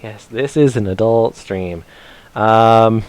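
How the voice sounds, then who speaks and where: A man giving casual commentary while he streams a game, chatty and rambling with plenty of fillers. His voice sits on the low side and sounds smooth and clean. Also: slow pace.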